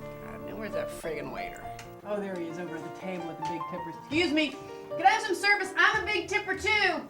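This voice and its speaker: A woman's voice: on the low side, quick pace, natural voice. An actress playing a tipsy, sarcastic woman who teases her old friend over dinner, in an indie film with music behind. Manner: sarcastic, teasing, theatrical.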